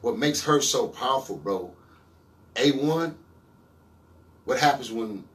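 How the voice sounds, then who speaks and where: A man's voice: medium pitch, takes it slowly, far from the mic. Profane, hyped-up man podcast host. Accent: Los Angeles. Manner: animated, profane, hype interjections. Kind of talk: casual podcast chat.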